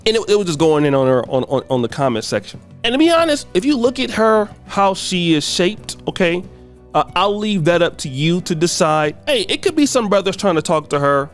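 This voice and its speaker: A man hosting a casual reaction commentary, talking in an animated way and repeating words as he gets worked up. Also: normal speed, faint music behind. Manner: animated, voice jumps high when incredulous. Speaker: commentary video host.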